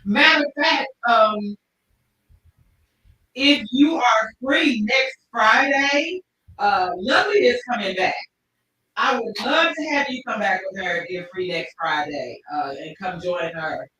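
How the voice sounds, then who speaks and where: A woman hosting a casual livestream chat show, telling stories in an animated, expressive way. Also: a little high, measured pace. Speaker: talk show host. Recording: echoey room, distant mic.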